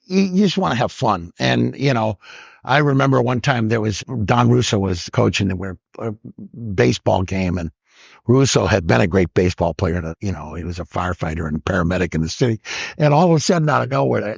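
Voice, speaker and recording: An older man, a comedian guest, telling stories in casual chat, laughing often and jumping into loud high voices when he quotes people. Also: brisk, gravelly, breathy edge, dry recording, dull audio.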